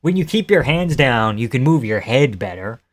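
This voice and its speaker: A man's voice: mid-range voice, big pitch swings, normal speed. A young man hosting a live fight reaction stream, reading chat aloud, swearing and laughing often as he jokes. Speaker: livestream host.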